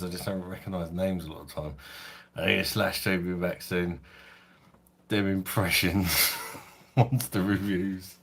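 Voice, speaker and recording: A man's voice: deep voice, a bit bright. A man hosting a beer channel, chatting casually and swearing on a live stream from his phone at home, laughing often.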